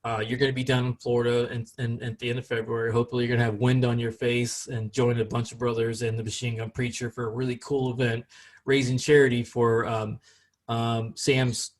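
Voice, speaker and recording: A man from the United States hosts a casual podcast, talking loosely and rambling with plenty of fillers. His voice sits at an ordinary middle pitch. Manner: rambling, frequent fillers and restarts. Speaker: podcast host. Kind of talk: casual chat.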